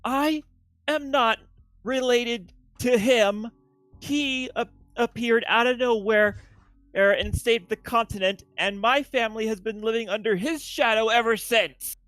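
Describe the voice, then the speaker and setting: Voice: medium pitch, a little slow, a bit bright, no echo, soft background music, lightly acted. A player doing a resentful young man. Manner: stumbling, restarts words. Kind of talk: tabletop role-play.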